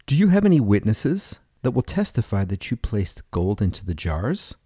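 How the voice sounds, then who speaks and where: A man voicing a kindly elderly judge who speaks in a gentle, fatherly way. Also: on the low side, big pitch swings, normal speed, husky, dry recording, clean studio sound.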